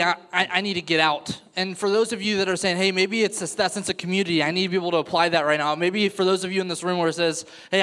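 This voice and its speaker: A man's voice: sits high, a bit bright. A man leading a church service, urgently encouraging the congregation to respond. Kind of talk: exhorting a congregation.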